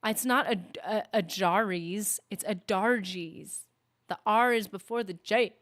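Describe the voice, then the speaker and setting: A woman's voice: a little high, normal speed, fairly bright tone. A woman gaming streamer chatting casually and rambling while she plays, often correcting herself. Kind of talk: casual live-stream chat.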